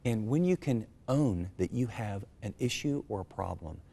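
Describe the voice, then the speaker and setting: An earnest middle-aged pastor talks his listeners through a lesson in an easy conversational way, slipping into little acted-out examples. His voice sits a touch on the low side for a man. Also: lively intonation, normal speed, vocal fry, dark tone. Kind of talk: sermon-style teaching.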